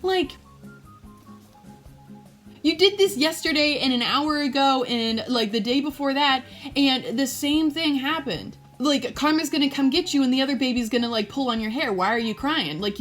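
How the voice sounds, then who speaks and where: A young woman ranting casually to camera in a rambling, chatty way, full of fillers, now and then jumping into high playful voices. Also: normal speed, soft background music. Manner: animated, jumps into high playful voices when quoting. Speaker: vlogger and daycare worker.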